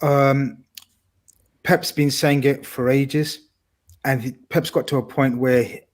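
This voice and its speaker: A man's voice: medium pitch, fairly even intonation, slow pace. A man talking football on a casual podcast, talkative and blunt, swearing casually. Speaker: podcast co-host.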